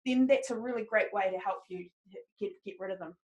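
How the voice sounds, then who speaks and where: A woman's voice: medium pitch, a little fast. A woman teaching a live webinar on presentation skills, upbeat and encouraging as she talks straight to her audience.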